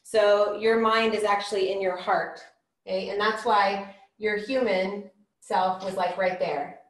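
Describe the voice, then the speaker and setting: A woman's voice: medium pitch, fairly even intonation, unhurried, roomy sound, poor audio. A woman teaching an informal online spiritual class in a rambling, chatty way, restarting her sentences often.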